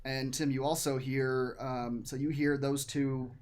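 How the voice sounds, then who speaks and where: A game master narrating an online tabletop game with hesitant pauses and fillers over a voice call. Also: mid-range voice, level tone, darkish tone. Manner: hesitant, many fillers, chuckling. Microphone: computer mic on a voice call.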